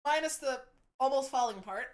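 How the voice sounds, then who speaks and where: A woman's voice: high voice, moderate pace. A woman from the United States streaming live, chatting casually with viewers in a rambling way, often cutting herself off mid-sentence.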